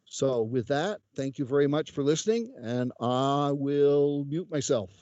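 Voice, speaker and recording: Slow, dark-voiced man giving public comment. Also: on the high side, dry recording. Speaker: resident commenting on budget. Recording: dull dry video call audio.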